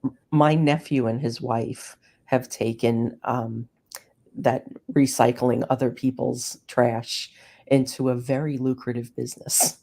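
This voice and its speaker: Brief: woman host in her fifties, gravelly and dark-toned, chatty and easygoing. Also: a bass voice, fairly even intonation, measured pace. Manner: chatty, laughs easily. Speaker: interview host. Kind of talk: casual conversational interview.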